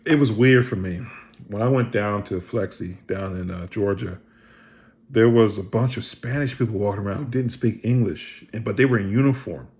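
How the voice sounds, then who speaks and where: A middle-aged man telling his own story in a casual, animated way, acting out other people's lines and swearing freely. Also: lowish voice, moderate pace. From Pennsylvania.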